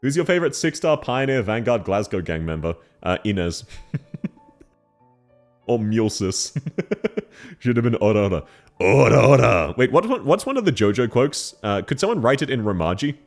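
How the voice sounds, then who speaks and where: A man's voice: medium pitch, sing-song, moderate pace, soft background music. A man streaming a Q&A, answering chat questions in a playful, teasing way and laughing often.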